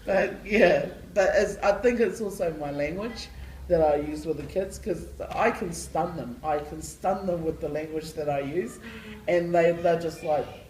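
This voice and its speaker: A woman's voice: lowish voice, moderate pace, a little mellow, echoey room, slight background noise, low-quality recording. A woman who works with school students, answering interview questions in a blunt, slangy way and laughing often. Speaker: school staff member working with students.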